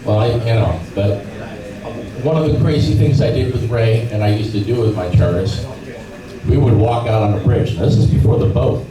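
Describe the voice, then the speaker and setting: With a crowd audible in the background, a middle-aged man with a fairly low voice speaks at a normal speed. He's a fishing guide telling fishing stories at a club meeting, animatedly acting out voices and sounds, and the recording is distant, echoey and noisy.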